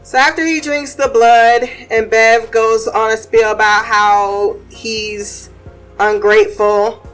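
A woman recaps a show in a relaxed, unhurried voice that sits a bit high. She is animated and laughs easily. Faint music plays underneath her. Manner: animated, laughing, acts out quotes. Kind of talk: casual podcast recap.

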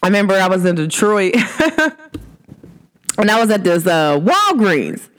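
A woman's voice: mid-range voice, big pitch swings, slow, slight background noise. A woman from Cincinnati hosting a podcast, talking to her listeners in a casual, slangy way, laughing often and acting out what people said. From Cincinnati, USA. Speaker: podcast host.

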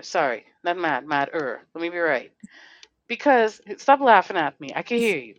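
A woman's voice: medium pitch, sing-song, moderate pace, a bit bright, no room sound. A woman hosting a casual podcast, talking in a heated, blunt and profane way, firing off rhetorical questions. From Connecticut. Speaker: podcast host.

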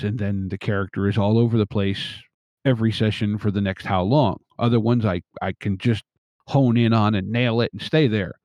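A man from north central Pennsylvania co-hosting a casual chat, thoughtful and measured, with small restarts. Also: on the low side, a little mellow, no room sound. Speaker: podcast co-host.

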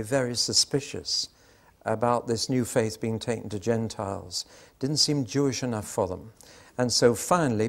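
An older British man preaching a sermon, telling stories and acting out the voices in the exchanges he recounts. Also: mid-range voice. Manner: storytelling, acts out quoted exchanges.

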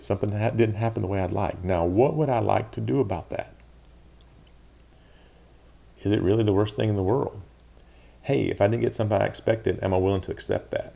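A man hosts a solo podcast in a very low, gravelly voice. His tone is dark and mellow, and he talks things through in a reflective, questioning way, pausing on fillers as he goes. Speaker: podcast host. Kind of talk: casual solo podcast talk.

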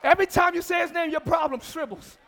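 A man preaching a live church sermon, shouting call-and-response lines to the congregation and laughing between exhortations. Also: extremely high pitch, fast talker, gravelly, a faint crowd. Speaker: pastor.

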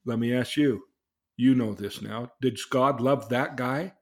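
A man's voice: medium pitch, a little slow. A middle-aged man sharing his own story as a religious lesson for his daughter, earnestly asking questions and acting out voices. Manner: earnest, asks questions and acts out quoted voices. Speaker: father teaching his daughter. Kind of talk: religious life lesson told as personal story.

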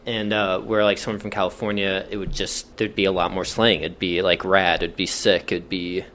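A man's voice: low-pitched, flat delivery, brisk, fairly bright tone, a little hiss or hum. A man, a podcast co-host in casual chat, telling stories with a laugh and a lot of "like". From Midwest US. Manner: laughing storyteller, many "like" fillers.

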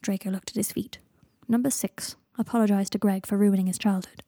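A woman narrating a fan fiction audiobook in a steady storytelling read. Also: medium pitch, fairly quick, dry recording, clean studio sound.

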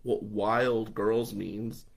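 A man, a lawyer, telling a personal story to the camera in a casual, animated way, blunt and swearing freely. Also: on the low side, extremely slow, vocal fry, rough recording.

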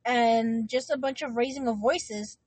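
Young woman, high voice, dry close sound, rambling casual storyteller. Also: fairly even intonation, measured pace, darkish tone, husky, no echo. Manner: rambling storytelling with frequent fillers and laughter. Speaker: podcast co-host. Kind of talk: casual chat.

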